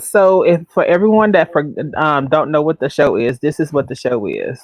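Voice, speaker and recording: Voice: mid-range voice, lively intonation, normal speed, lo-fi sound. The host of a casual livestream talk show, chatting loosely with guests and laughing often.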